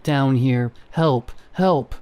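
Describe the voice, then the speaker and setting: A man voicing an inhuman creature that imitates a frightened young woman, shifting from whimpering pleas to a raspy whisper. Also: mid-range voice, extremely slow, a little mellow. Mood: raspy beckoning. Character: creature mimicking a lost young woman, pleading then eerie.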